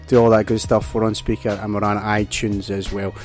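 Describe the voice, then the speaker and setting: A man's voice: on the low side, little pitch movement, brisk, darkish tone, soft background music. Laid-back male podcast host. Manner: laid-back, wrapping up with plugs. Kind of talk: casual podcast chat.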